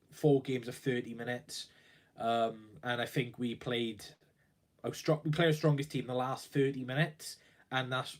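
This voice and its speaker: A young man on a casual live stream, sounding worried as he rambles along, restarting sentences and filling gaps with ums. His pitch sits at a middling level for a man. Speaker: football fan livestreamer.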